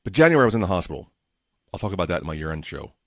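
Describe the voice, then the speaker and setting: A man in his forties with a New York accent, hosting a casual solo podcast, talking fast and prone to mumbling and exasperated rants. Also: low voice, sing-song, no echo, clean studio sound. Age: 40s. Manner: fast-talking, tends to mumble and trip over words; exasperated ranting. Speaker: podcast host. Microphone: home podcast microphone setup.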